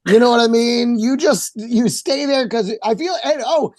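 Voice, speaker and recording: A man, a comedian co-hosting a podcast, telling loud, animated stories full of swearing. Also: very high-pitched, moderate pace, no echo. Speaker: comedian co-host. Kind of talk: casual chat.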